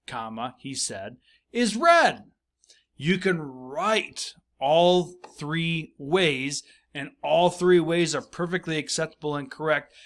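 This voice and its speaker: In a recorded grammar lesson, a man whose voice is on the high side and a bit bright patiently explains, goes over his points again, and reads out example sentences.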